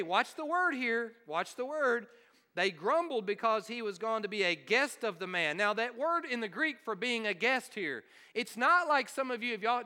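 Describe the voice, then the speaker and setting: A man's voice: high-pitched, pushed and bright, clean tone, long reverb tail. A man preaching a sermon, emphatic and questioning his congregation. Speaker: pastor.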